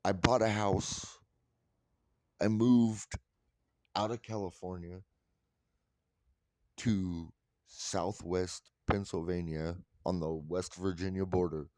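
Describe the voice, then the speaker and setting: Slow, low-pitched man ranting bluntly. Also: fairly even intonation, a little mellow, dry recording. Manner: profane, blunt and scornful; repeats and restarts words when worked up. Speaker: online commentator. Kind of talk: angry commentary rant.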